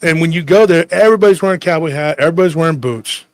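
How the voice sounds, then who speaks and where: A man from Texas hosting a podcast, spinning rambling stories about his family in casual chat. His voice sits a touch high and sounds dry and close. He slips into quick imitations of relatives and laughs often. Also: no echo. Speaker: podcast host.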